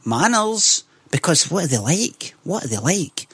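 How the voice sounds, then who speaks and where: A man's voice: mid-range voice, steady tone, fast, no room sound, lightly acted. A man voicing a chatty working-class woman from Newcastle in a story, indignant and confiding.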